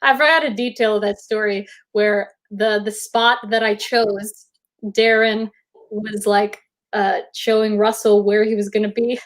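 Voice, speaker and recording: A woman guest on a video-call interview, telling an animated anecdote and acting out quotes. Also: measured pace. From United States. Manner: animated, acts out quotes in high voices. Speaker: guest actor. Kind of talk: casual storytelling.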